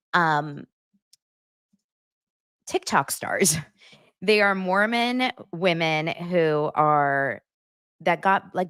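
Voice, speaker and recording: A woman's voice: low-pitched, fairly bright tone, clear, resonant tone, dry recording, clean studio sound. A woman hosting a podcast, chatting casually and gossiping about pop culture, often laughing as she talks. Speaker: podcast host.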